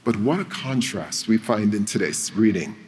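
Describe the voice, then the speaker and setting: A male preacher delivering a sermon, telling a story with dramatic pauses. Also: lowish voice, lively intonation. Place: church. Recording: long reverb of a church hall.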